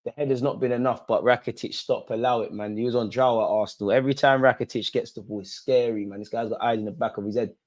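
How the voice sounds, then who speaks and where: A young man hosts a live football watch-along and talks straight to his viewers. He reacts to every moment of play in quick, slangy bursts and keeps pleading with the players. His voice sits at an ordinary middle pitch. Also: fairly even intonation, darkish tone.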